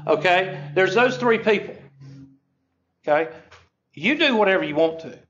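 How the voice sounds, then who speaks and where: A male teacher lectures a class in a folksy, self-deprecating way, checking in with "okay?" again and again. His voice sits a little high. The recording is dull and lo-fi. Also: expressive, moderate pace, fairly bright tone. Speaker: statistics teacher.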